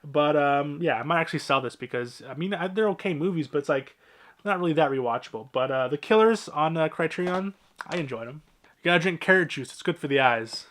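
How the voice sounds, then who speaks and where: A man's voice: fairly high pitch, animated, a little fast, fairly bright tone. A man casually walking through his movie collection, talking in a rambling, offhand way with lots of fillers and the odd swear.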